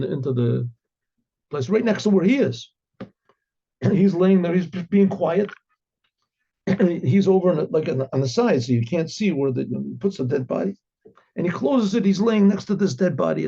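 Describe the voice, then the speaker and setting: A man, a rabbi, telling a story with a moral in a halting way, often repeating words and clearing his throat. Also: fairly high pitch, warm tone, dull audio.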